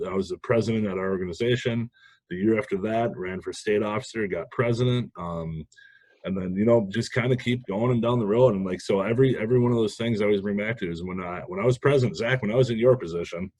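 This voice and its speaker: A man from Minnesota, a guest on a podcast, telling stories from his past in an animated, casual way and laughing often. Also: lowish voice, dry recording. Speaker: podcast guest, sales manager. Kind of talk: casual storytelling interview.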